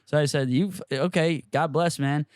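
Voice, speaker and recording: A young man trades animated stories on a comedy podcast and swears freely. His voice sits a little high. The recording is dry and close. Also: normal speed, no room sound. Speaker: comedian guest. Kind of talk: casual podcast chat. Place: podcast studio.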